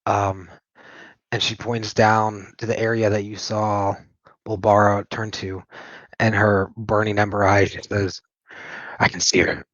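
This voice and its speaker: Low, unhurried man running a game. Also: flat delivery, no echo. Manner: loose, filler-heavy narration with chuckles. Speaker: game master. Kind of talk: narrating a tabletop game. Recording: dull lo-fi dry mic.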